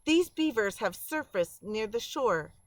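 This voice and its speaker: Woman putting on a squeaky little plump girl mouse, teasing, bouncy storybook voice. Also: animated, unhurried, dry recording. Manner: high and teasing.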